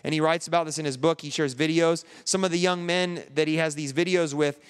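Grieving male pastor, earnest conversational sermon, slightly high clear voice, church hall reverb. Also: fairly even intonation, brisk. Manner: earnest, conversational preaching with restarts.

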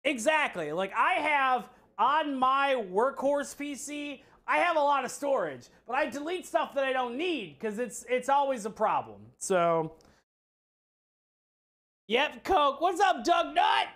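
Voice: high-pitched, expressive, unhurried, hardly any pauses, fairly bright tone. A streamer cooking live and chatting with viewers, telling a long, rambling story full of swearing and restarts. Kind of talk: casual chat with live chat while cooking.

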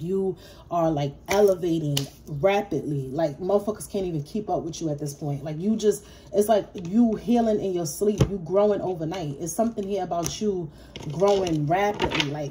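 A woman's voice: fairly low pitch, noisy background. A woman giving a casual tarot reading, blunt and profane, talking straight to the viewer and repeating herself for emphasis. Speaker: tarot reader.

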